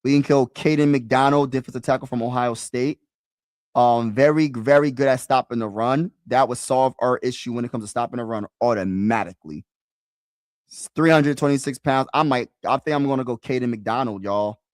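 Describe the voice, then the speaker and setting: A man's voice: mid-range voice, normal speed, no room sound, studio quality. Chatty man live-streaming to his chat. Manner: talks to chat, repeats himself, casual slang. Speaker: sports streamer.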